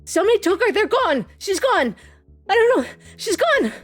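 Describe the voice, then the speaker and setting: A woman's voice: extremely high pitch, sing-song, moderate pace, faint music behind, voice pushed up. A woman doing a screaming panicked boy. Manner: frantic screaming. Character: panicked fourteen-year-old boy.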